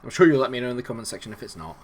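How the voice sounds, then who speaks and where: A man's voice: medium pitch, expressive, racing, faint music behind. A man hosting a game video, giving chatty, enthusiastic, self-deprecating commentary. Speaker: gaming video host.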